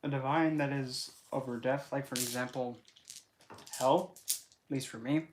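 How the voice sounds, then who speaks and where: A man's voice: mid-range voice, steady tone, a little slow, noisy background. A man hosting a casual livestream Q&A, rambling and often restarting his sentences. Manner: rambling, with frequent restarts and asides. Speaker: livestream host.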